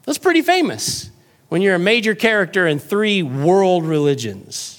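High-pitched male pastor, casual joking sermon, from north texas. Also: big pitch swings, measured pace, a bit bright. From North Texas Panhandle. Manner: jokey, conversational preaching.

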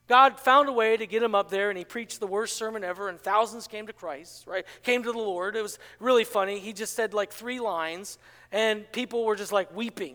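Man preaching, very high bright voice, dynamic delivery, long hall reverb. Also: moderate pace. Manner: dynamic preaching, swings from loud to hushed. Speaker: pastor. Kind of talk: sermon.

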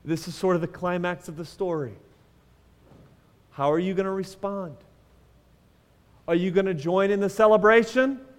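High-voiced man preaching in a reverberant hall. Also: moderate pace, pauses often. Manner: conversational preaching, asks the congregation questions, wry humor. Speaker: pastor. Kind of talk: sermon. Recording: long reverb of a large hall.

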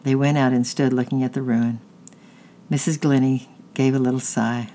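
Steady audiobook narrator. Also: medium pitch, moderate pace. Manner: steady storytelling. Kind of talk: audiobook reading.

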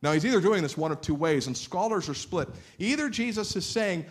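A man preaching a sermon, swinging between loud emphatic lines and quiet hushed ones, and explaining points like a teacher who checks in with his listeners. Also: high voice, expressive, fairly quick, hardly any pauses. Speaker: pastor.

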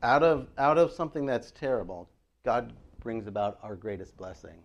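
A middle-aged man preaching a sermon in a loose, conversational way, retelling scripture with lively storytelling. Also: mid-range voice, normal speed. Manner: conversational, animated storytelling with frequent "I mean" and "like". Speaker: pastor.

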